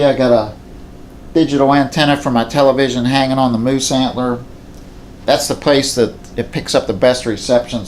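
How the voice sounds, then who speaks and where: A man's voice: mid-range voice, a little hiss or hum. Folksy man telling a hunting story. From southwestern Pennsylvania. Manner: plainspoken, folksy, repeats himself. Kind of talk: casual storytelling to camera. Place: indoors at home beside a mounted moose.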